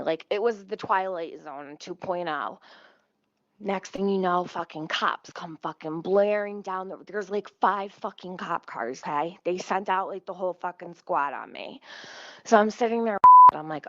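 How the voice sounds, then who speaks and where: A woman telling a story in a fast, indignant, profane casual rant full of fillers. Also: medium pitch, a bit bright, dry recording. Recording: dull, dry lo-fi sound.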